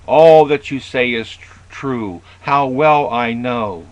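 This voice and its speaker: A man reading aloud, in a slow and loud declamatory way, the lines of a weary, resolute male hero answering a goddess. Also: medium pitch, lightly acted, low-quality recording. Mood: solemn.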